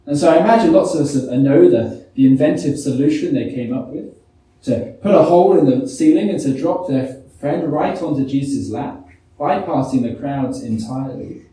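A man preaches to his congregation, reading verses and pressing them with rhetorical questions. His voice is very dark and mellow, sitting a little higher than most men's. It is picked up from some way off and rings in a very echoey church. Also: moderate pace. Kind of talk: sermon. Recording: echoey church hall, mic from a distance.

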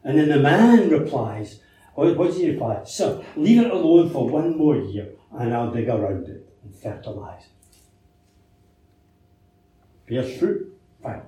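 A man's voice: mid-range voice, very animated, a little slow, long pauses, warm tone. A man preaching a sermon in a conversational way, asking rhetorical questions and telling anecdotes, heard in a church. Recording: very echoey church hall from a distance.

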